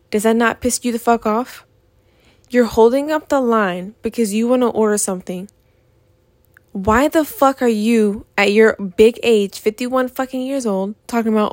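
A woman's voice: on the high side, moderate pace, no echo, studio quality. Profane young woman ranting. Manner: profane, animated, exasperated ranting. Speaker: podcast host. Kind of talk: ranting casual monologue.

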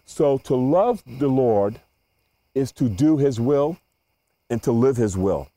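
A man's voice: medium pitch, lively intonation, slow, warm tone, dry recording. A man giving a sermon to an audience, quizzing them with questions and repeating words as he thinks. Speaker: preacher.

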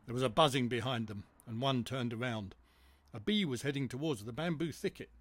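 A man narrating a children's story in a gentle, even way. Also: mid-range voice, a little fast, no room sound.

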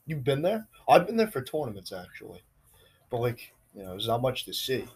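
A man's voice: medium pitch, big pitch swings, brisk, husky. A young man hosting a casual podcast chat with friends, upbeat and rambling. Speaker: podcast host.

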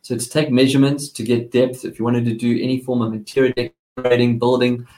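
A man talking excitedly about gadgets in a casual radio chat, explaining with frequent restarts. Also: medium pitch, fast talker, poor audio. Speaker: tech commentator.

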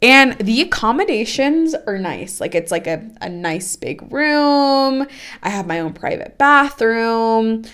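A woman's voice: fairly high pitch, big pitch swings, slow, fairly bright tone, clean tone. A young adult woman chatting casually as a podcast co-host, telling a story with lots of fillers. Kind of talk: casual chat.

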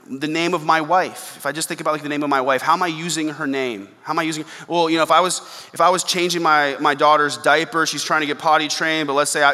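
A young adult man preaching a conversational sermon, animated and acting out the exclamations he quotes. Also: fairly high pitch. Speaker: pastor. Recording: long hall reverb.

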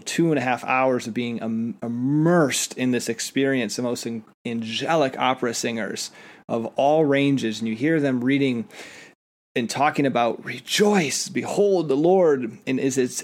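A man co-hosting a podcast, chatting in a casual, enthusiastic and effusive way. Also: medium pitch. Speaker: podcast co-host. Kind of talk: podcast discussion.

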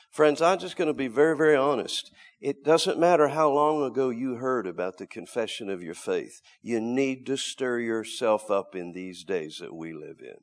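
Animated, stammering man preaching a sermon. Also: normal speed, hardly any pauses. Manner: dramatic swings between loud emphasis and hushed low asides, frequent stammered repeats.

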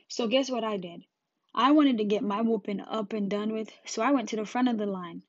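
A woman hosts a podcast and tells a personal story in an animated, casual way, acting out the scenes as she goes. Her voice sits in a middle pitch. The recording is dull and dry. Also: moderate pace, no echo. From Jamaica. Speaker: podcast host.

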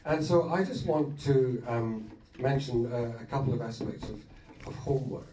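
A good-humoured man talking to a group of couples, often breaking into laughter and pausing on fillers. He is heard in a roomy hall from a distance from the mic. A faint noise sits underneath. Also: medium pitch, warm tone. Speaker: marriage course co-leader. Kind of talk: informal talk to a group of couples.

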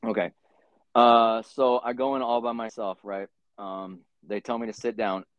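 A man's voice: mid-range voice, flat delivery, measured pace, no room sound. A man telling a long story in casual podcast chat, rambling and profane with many fillers. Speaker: podcast host. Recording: dull lo-fi sound.

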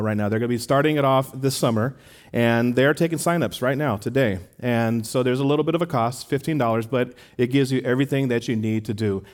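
A man serving as associate pastor, giving church announcements and leading a prayer in a relaxed, conversational way with frequent fillers. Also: mid-range voice. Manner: casual, warm-hearted church talk with fillers. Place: church sanctuary.

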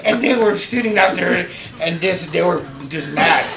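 A man tells a story among friends, laughing and acting out each friend's lines. His voice is high and gravelly and swings widely in pitch. The room is echoey, and there is crowd chatter behind him. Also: normal speed. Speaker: podcast host.

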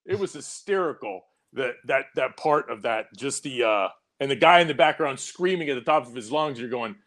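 A man's voice: medium pitch, lively intonation, moderate pace, hardly any pauses, a bit bright. A man on a panel, telling a story with amusement, stumbling over his words. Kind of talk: casual panel chat.

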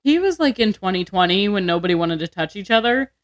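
A woman's voice: mid-range voice, very animated, fast. A woman co-hosting a podcast, reacting in casual chat with blunt, swearing wisecracks. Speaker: podcast co-host.

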